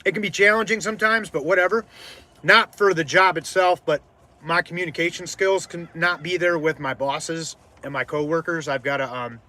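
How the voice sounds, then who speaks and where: Man, artist livestream host, casual rambling chat, loud, slightly high voice. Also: steady tone, normal speed. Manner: rambling, full of fillers and restarts; loud-mouthed, self-described. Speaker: artist hosting a live stream. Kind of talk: casual live-stream chat.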